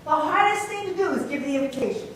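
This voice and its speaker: A woman preaches to her congregation, her high voice ringing through a very echoey sanctuary. She's recorded from some distance off, with faint background noise underneath, and she keeps pulling listeners in with questions and personal stories. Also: animated, fast, a bit bright. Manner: storytelling, asks congregation questions. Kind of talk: sermon. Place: church sanctuary.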